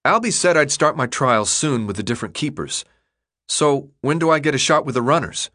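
A restless teenage boy with no memory, pressing earnest question after question. A man reads him in an audiobook. His voice sits a little high and moves around a lot. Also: very animated, a little fast, pushed and bright. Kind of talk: audiobook character voice.

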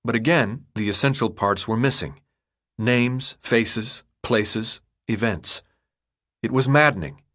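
Speaking at a medium pitch, a male audiobook narrator reads scripted narration with measured pacing and an expressive, story-driven delivery.

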